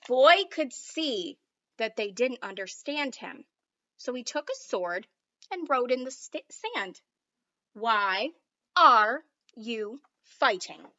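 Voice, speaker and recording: Woman reading a kids picture book out loud, super lively and slow. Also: high-pitched, dull audio. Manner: expressive, unhurried. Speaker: storybook reader. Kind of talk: storybook read-aloud.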